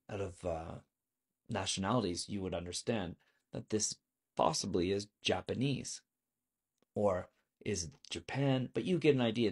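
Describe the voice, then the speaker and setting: Lower-voiced man teaching French. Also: darkish tone, slightly rough. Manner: explanatory, asks the viewer questions. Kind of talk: video language lesson.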